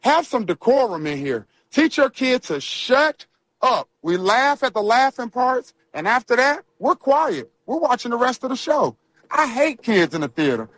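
A man on a sports talk show, ranting in a loud, comic, casual way. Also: a little high, no echo.

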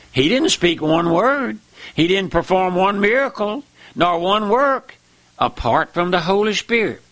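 A man preaching a fiery sermon, repeating "my friend" and "listen," dropping to low murmurs and rising to high cries. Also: bright, forceful tone.

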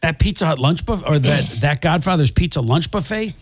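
A man with a husky voice co-hosts a radio show in casual chat. He rambles a little, restarting his sentences and filling gaps with "um" and "you know". The sound is dry and close to the mic. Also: a little high, expressive, fairly quick, no echo.

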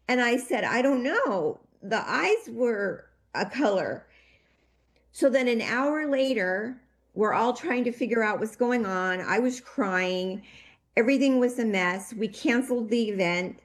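A woman telling a personal story in an interview, her voice shaky with emotion and her telling halting and full of restarts. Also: on the high side, lively intonation. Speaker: interview guest.

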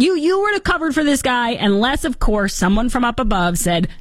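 A woman hosting a political commentary show, talking in a sarcastic, animated and mocking way. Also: a little high, a little fast, few pauses, no room sound, clean studio sound.

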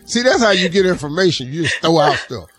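A man's voice: fairly high pitch, sing-song, quick pace, fairly bright tone, slightly rough, faint music behind. A man in a radio studio, joking in a laid-back way.

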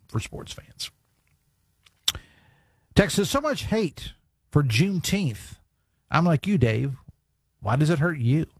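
A man's voice: mid-range voice, darkish tone, no room sound, clean studio sound. A man hosting a radio talk show, chatting casually with folksy jokes and lots of fillers, reading listener texts. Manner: chatty, folksy, joking asides with many fillers. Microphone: studio microphone.

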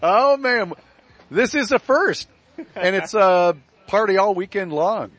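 A man's voice: high voice, takes it slowly, fairly bright tone, dry recording. A man hosting a live community radio broadcast from a sports bar, upbeat and enthusiastic in casual chat. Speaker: radio host on remote broadcast.

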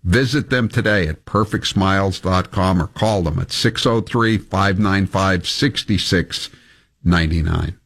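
A man hosting talk radio, rambling wryly with halting fillers. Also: sits low, fairly bright tone. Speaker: radio talk show host. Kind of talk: talk radio segment and ad read.

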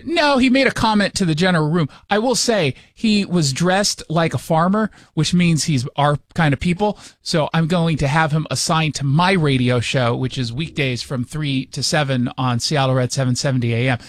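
An American man with a high-pitched voice hosts a radio show, riffing in a sarcastic, joking way. The studio sound is dry and close. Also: no room sound. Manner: sarcastic, joking, quick asides. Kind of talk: casual opinion talk.

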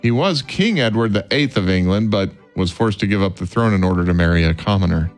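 A man's voice: deep voice, lively intonation, brisk. Guy running a radio trivia bit, reads the questions out, faint music underneath. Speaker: radio host. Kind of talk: morning radio trivia game.

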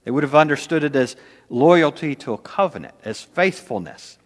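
A man preaching a sermon as pastor, earnest, slowing down to stress key words. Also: on the high side, lively intonation, big-room sound.

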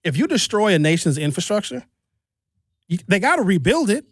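A man from Wisconsin doing a stand-up comedy rant, animated with sarcastic asides. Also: sits high, fairly quick, slight background noise. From Wisconsin, USA.

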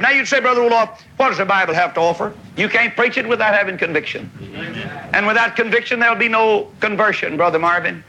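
A man's voice: high voice, a little fast, bright, forceful tone, low-quality recording. A man preaching a revival tent sermon in a fiery, folksy, scolding way. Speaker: evangelist preacher. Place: large revival tent with crowd.

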